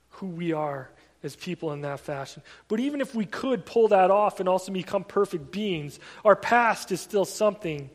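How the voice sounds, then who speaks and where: High-voiced preacher in an echoing hall. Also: male voice. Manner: conversational, animated storytelling with repeated restarts. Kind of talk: sermon.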